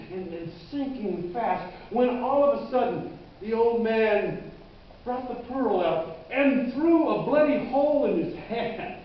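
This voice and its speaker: Slow, high-voiced male preacher; vivid storyteller; recorded far off in a very echoey church. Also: a little hiss or hum. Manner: vivid storyteller, halting restarts. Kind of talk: dramatic sermon storytelling. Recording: echoey church hall from a distance, dull sound.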